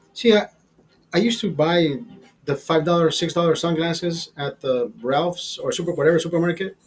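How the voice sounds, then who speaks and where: A husky-voiced man rambles casually to his livestream viewers, swearing freely as he goes. His pitch sits at an ordinary middle level, and faint music plays behind him. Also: low-quality recording. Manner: profane, rambling, chatty. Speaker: livestream host.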